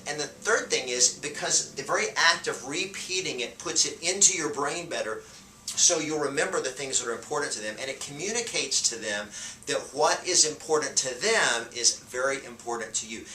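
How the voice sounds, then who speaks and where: Energetic man coaching with emphatic repetition. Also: mid-range voice, slight background noise. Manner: energetic and emphatic, drives points home with repetition; shifts loudness and pace to show a point. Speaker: real estate sales coach. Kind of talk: motivational teaching talk. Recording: roomy sound from a distance off the mic.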